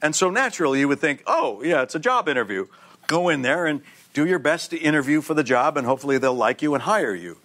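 A man in his sixties, a guest on a TV talk show, telling stories in a lively, animated way and putting on other people's voices. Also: fairly high pitch, quick pace. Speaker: guest actor. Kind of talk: casual anecdotal chat.

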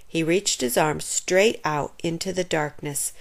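A woman reads a children's chapter book aloud. She tells the story expressively. Her voice sits a little on the low side. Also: unhurried, creaky.

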